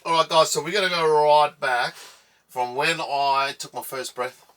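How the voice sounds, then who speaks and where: Bright-voiced South African man, jokey. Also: a little high, normal speed, recorded from a distance. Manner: jokey and rambling. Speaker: co-host. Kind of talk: casual chat.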